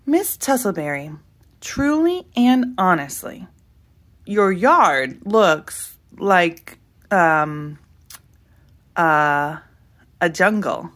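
A woman's voice: on the low side, lively intonation, extremely slow, long pauses, a bit bright, full character voice. A woman voicing an earnest, candid young girl in a read-aloud storybook, speaking in a pleading, sincere way.

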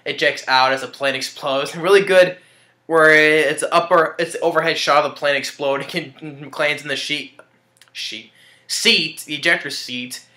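A man's voice: on the high side, steady tone, normal speed, bright, forceful tone. A man casually recapping a film in a rambling, hesitant way, with frequent restarts and chuckles. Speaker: movie reviewer. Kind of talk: casual spoken movie review. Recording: roomy echo.

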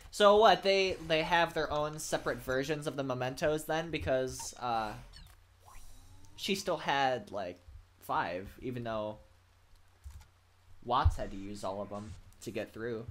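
A man's voice: mid-range voice, a little slow, fairly bright tone, slight background noise. A young man giving casual gameplay commentary as a let's play host, rambling and joking, swearing and laughing often.

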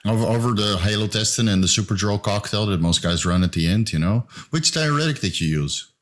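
A man's voice: lowish voice, brisk. A man co-hosting a casual podcast chat, asking technical questions in a hesitant way with many fillers. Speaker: podcast co-host.

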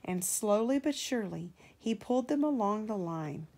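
A woman reading a children's storybook aloud, slow and expressive, with voices for the characters. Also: mid-range voice, vocal fry.

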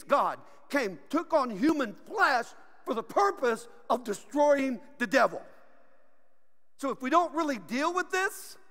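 A man preaching a sermon as pastor, animated and joking, often laughing. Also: very high-pitched, in a large hall. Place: church sanctuary.

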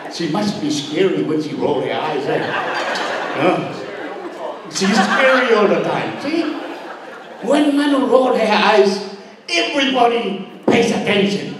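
A middle-aged man from Tonga, an uncle giving a humorous storytelling speech at a birthday party, teasing and joking with sudden high swoops in pitch. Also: background noise. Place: party hall. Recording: very echoey hall, distant mic.

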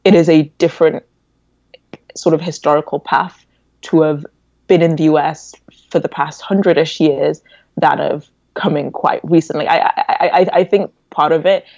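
A woman in her twenties with an English accent, raised in England after a Nigerian birth, telling stories as a podcast guest in an animated, reflective way. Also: low-pitched, moderate pace, no echo. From born in Nigeria, raised in England. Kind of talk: casual interview chat. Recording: dull, dry lo-fi audio.

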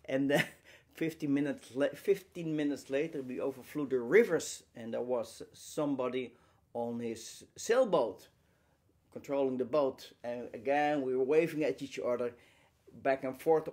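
In an inspirational lecture, a man speaks emphatically in short phrases broken by pauses, asking rhetorical questions and repeating key words. His voice is mid-range with a darkish tone.

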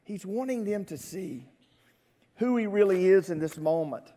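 A man's voice: high-pitched, lively intonation, normal speed, dark tone. A man preaching a sermon as pastor, talking with his congregation in a conversational way and asking them questions. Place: church sanctuary. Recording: church livestream with long hall reverb.

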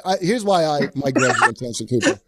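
A man's voice: mid-range voice, very animated, fast talker, a bit bright, a little hiss or hum. A man hosting a podcast in casual chat, ranting his opinions with plenty of swearing. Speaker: podcast host, comedian.

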